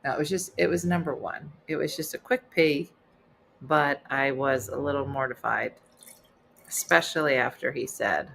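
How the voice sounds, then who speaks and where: A middle-aged woman hosting a casual livestream chat, playful and teasing with deadpan asides. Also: a bass voice, moderate pace, gravelly, slight background noise. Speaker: host.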